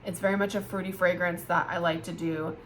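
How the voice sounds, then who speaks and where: A woman's voice: fairly low pitch, little pitch movement, fairly quick, a little hiss or hum. A tired woman chatting casually and with gushing enthusiasm as she reviews scented candles for her viewers. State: tired, yawning. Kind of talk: casual product review vlog.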